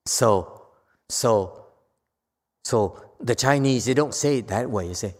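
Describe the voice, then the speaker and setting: A man gives a Buddhist dharma talk at a very slow pace, with a fairly low voice. He talks with the audience in a teasing, conversational way and keeps asking them questions. The sound carries a long reverb from a temple hall. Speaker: Buddhist teacher. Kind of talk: dharma lecture.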